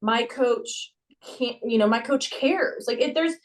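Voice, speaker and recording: A young woman coach talks in a casual, animated way and acts out the voices in her stories. Her voice sits high for a woman. She is a little far from the microphone, so she sounds slightly distant. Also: unhurried. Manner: animated storyteller who acts out her own and children's voices. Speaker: gymnastics coach and podcast guest. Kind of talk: casual conversation.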